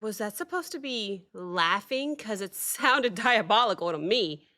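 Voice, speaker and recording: Woman doing a music reaction, bright voice, gets excited and keeps saying sorry. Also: mid-range voice, measured pace. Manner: excitable, apologetic, thinks aloud. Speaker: reaction video host. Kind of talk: casual reaction commentary.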